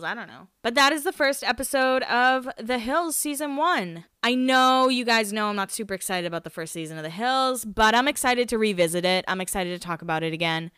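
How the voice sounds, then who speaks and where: A woman's voice: mid-range voice, a bit bright, smooth, no echo, clean studio sound. A woman hosting a podcast, recapping in casual chat, rambling, swearing and laughing at herself. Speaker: podcast host.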